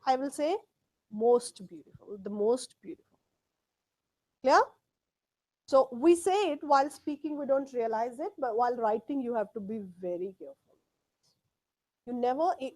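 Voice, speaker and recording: A woman's voice: high-pitched, a little mellow. A woman teaching a live test class, drilling pronunciation by repeating words. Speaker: English test tutor.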